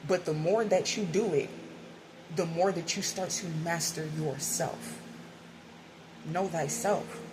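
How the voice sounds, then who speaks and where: A woman's voice: on the low side, background noise. A woman hosting a spiritual video, talking candidly and rambling to her viewers in a casual way, swearing now and then. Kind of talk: casual spiritual talk to camera.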